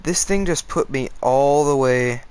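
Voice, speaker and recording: A man's voice: mid-range voice, a little slow, clean tone, dry recording, poor audio. Man casually telling a scary story. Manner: casual, swears with softened words, goes off on tangents. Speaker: storyteller reading scary stories.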